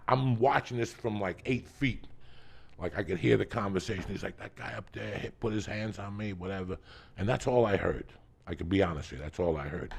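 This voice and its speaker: A man, hosting a podcast and telling a story loudly, swearing constantly and acting out every voice. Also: sits low, creaky. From North Bergen, New Jersey. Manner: loud, animated, swears constantly, acts out every voice. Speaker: podcast host. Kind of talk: profane storytelling in casual chat.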